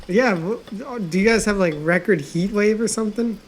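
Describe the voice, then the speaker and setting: A man's voice: high voice, normal speed. A laid-back man co-hosting a casual podcast chat. He talks in an easygoing way and swears casually as he goes. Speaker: podcast co-host.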